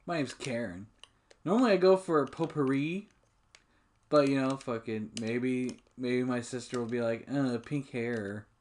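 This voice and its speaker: A man's voice: medium pitch, moderate pace, darkish tone. A man giving casual, rambling commentary while playing a farming game, swearing often and laughing at himself. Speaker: let's play gamer.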